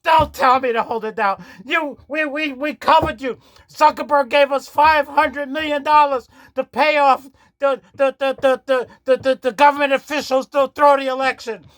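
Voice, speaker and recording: A man doing a comic impression of a frantic elderly woman politician who rants, shouts and stammers. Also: very high-pitched, fairly even intonation, normal speed, dry recording. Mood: furious ranting.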